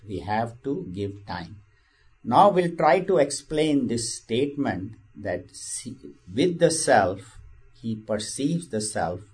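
A man's voice: mid-range voice, darkish tone, breathy edge. A man giving a spiritual discourse. He speaks in a conversational way, repeats phrases and tells a parable. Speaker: spiritual teacher.

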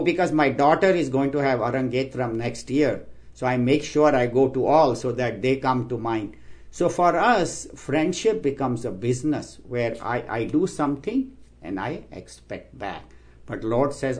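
A man giving a spiritual talk, explaining scripture terms and telling stories, acting out the quoted voices with raised pitch. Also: animated, normal speed, darkish tone. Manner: storytelling, acts out quoted voices with rising pitch. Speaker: spiritual teacher. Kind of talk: sermon with stories and jokes.

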